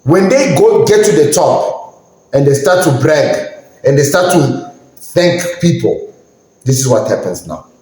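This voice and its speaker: Man, podcast host, indignant rant, slightly high voice, very echoey room. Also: animated, unhurried, a little mellow. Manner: indignant, emphatic, searching for words. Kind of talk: ranting commentary.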